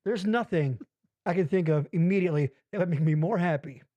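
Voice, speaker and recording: Rowdy high-pitched man hosting a podcast. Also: fairly quick, dull audio. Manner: loud, profane, riffing and joking. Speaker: podcast host. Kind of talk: casual chat.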